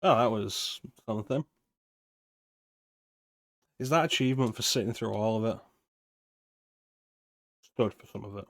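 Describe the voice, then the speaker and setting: A man streaming a game, giving relaxed, musing casual commentary. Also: lowish voice, measured pace, long pauses, no echo, clean studio sound.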